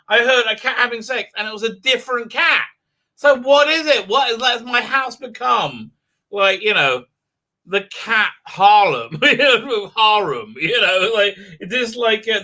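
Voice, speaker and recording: Giggly rambling man with a bright voice. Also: sits high. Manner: giggly, rambling, with many fillers. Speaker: livestream host. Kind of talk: rambling comedic monologue.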